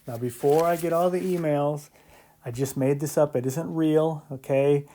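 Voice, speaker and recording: Steady and mellow, a man's slightly high voice walks through a recorded math lesson at a moderate pace. The instructor keeps it conversational, step by step, with jokes and frequent "right?" checks.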